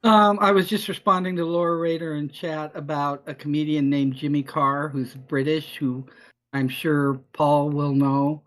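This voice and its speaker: A woman's voice: low-pitched, flat delivery, measured pace, rough recording. Conversational woman on a panel. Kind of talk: casual panel discussion.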